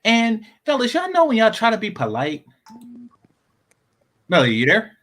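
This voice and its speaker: A man's voice: high-pitched, wildly swooping pitch, moderate pace, a bit bright. A man hosting a live-stream talk show, giving blunt, rambling commentary with many repeated words. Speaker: show host.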